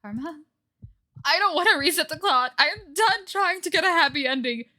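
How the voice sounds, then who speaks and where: A woman's voice: high voice, animated, brisk, bright, forceful tone, pitched above the performer's own voice. A woman voicing a despairing looping young man. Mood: desperate. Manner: despairing, pleading and raw. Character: young man broken by endless time loops.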